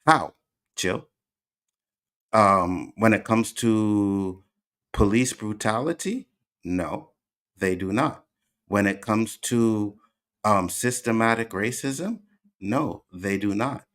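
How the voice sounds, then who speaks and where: A man's voice: lowish voice, slow, long pauses, fairly bright tone. A Canadian man with some Jamaican slang, hosting a livestream and emphatically arguing back at his chat, repeating his points. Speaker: host. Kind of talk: livestream commentary reacting to chat.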